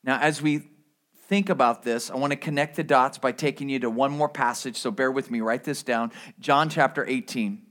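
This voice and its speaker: A man's voice: medium pitch, moderate pace, fairly bright tone. A man preaching a sermon as pastor, in a conversational way with asides and restarts.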